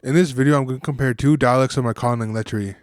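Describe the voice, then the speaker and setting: A man's voice: medium pitch, fairly even intonation, fast, darkish tone, no room sound. Man explaining casually, dry sound. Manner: casual, thinking aloud with restarts. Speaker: language hobbyist presenter.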